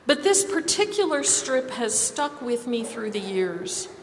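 A woman preaching a sermon, telling stories in a measured, expressive way. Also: high voice, a little hiss or hum. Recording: reverberant hall with faint ambience.

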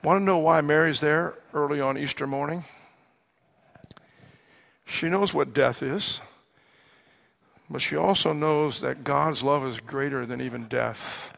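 A male pastor delivers a sermon in an earnest way, slowing down on the words he wants to land. His voice is gravelly and sits a little high. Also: fairly bright tone. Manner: earnest, slows down for emphasis.

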